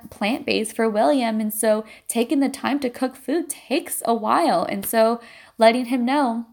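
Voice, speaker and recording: Earnest mother with a gravelly voice. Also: on the high side. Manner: earnest and reflective, often starting with "and so". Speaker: mother sharing parenting experience. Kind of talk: personal storytelling monologue.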